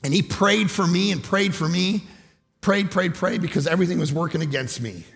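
Canadian guy preaching, gravelly fry, big church hall echo trailing behind him. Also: high-pitched, normal speed. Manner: swings from hushed storytelling to loud shouting. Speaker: pastor. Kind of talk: sermon. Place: church auditorium. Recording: long reverb of a large hall.

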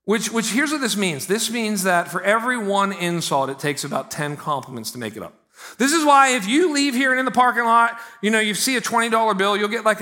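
A man preaching a sermon in an animated, conversational way, with frequent asides to the congregation. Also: high voice. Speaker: pastor.

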